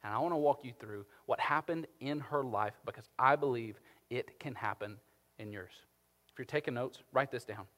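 A male pastor preaching a sermon, swinging between loud emphasis and hushed tones. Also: medium pitch, normal speed. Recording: long hall reverb.

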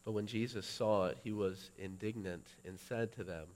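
A middle-aged male pastor preaching a sermon, building to loud, emphatic peaks. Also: lowish voice, moderate pace.

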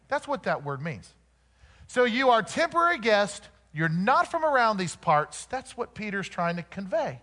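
A man from Oklahoma with a high voice preaches a sermon. He slows down to read scripture and keeps turning to the congregation with rhetorical questions. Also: sing-song, pushed and bright.

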